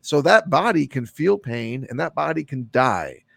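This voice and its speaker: A man in a casual film-discussion chat, talking in animated run-on sentences full of "like" and swearing. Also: medium pitch, unhurried, gravelly, no echo. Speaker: podcast co-host discussing a film.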